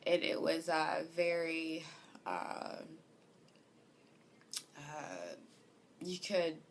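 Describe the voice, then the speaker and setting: A woman telling a personal story, hesitant and full of fillers, her voice growing softer as she goes. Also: deep voice, big pitch swings, very slow. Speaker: vlogger. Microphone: home recording.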